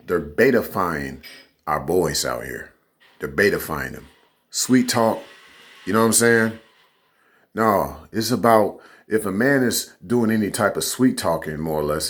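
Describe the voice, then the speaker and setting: A man's voice: sits low, measured pace, a bit bright. A man giving a casual, rambling opinion monologue as a vlogger, often checking in with "you know what I'm saying".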